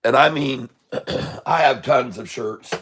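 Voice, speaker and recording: A man's voice: medium pitch, slow, a bit bright, breathy edge. Rambling, jokey man hosting a trading stream. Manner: rambling and jokey, muttering to himself while working. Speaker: stock day-trading livestream host. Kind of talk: casual livestream chat. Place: home room with shelves of keepsakes.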